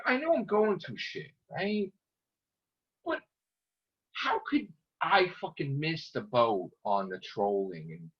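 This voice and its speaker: A man ranting casually to camera as a vlogger, excitable and rambling, swearing constantly. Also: high voice. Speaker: YouTube vlogger. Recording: dull lo-fi recording.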